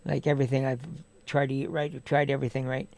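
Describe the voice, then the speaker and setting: A man's voice: medium pitch, little pitch movement, quick pace, vocal fry, darkish tone. A man talking casually and bluntly as a podcast guest, swearing a lot and filling his talk with "right?". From Canada. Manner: blunt, heavy swearing, many fillers. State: undergoing chemotherapy. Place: podcast studio.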